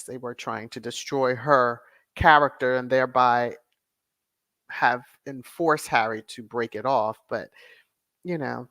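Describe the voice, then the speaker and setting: A woman hosting a livestream commentary show, talking slowly and emphatically in a lowish voice. She repeats single words for sarcastic stress. The sound is dry and close. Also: a bit bright, no room sound. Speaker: host of a royal news commentary channel.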